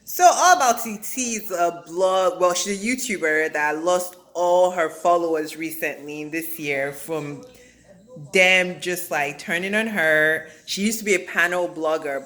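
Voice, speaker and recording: Bright, chatty woman dishing gossip. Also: fairly low pitch. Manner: chatty, gossipy, quick asides. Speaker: reality TV commentator. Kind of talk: casual recap vlog.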